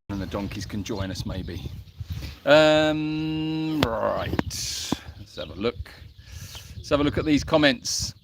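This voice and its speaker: A man with a lowish voice hosts a casual livestream outdoors at an animal sanctuary, with plenty of background noise. Surrounded by donkeys, he reads comments and greets viewers by name in a friendly, self-deprecating way.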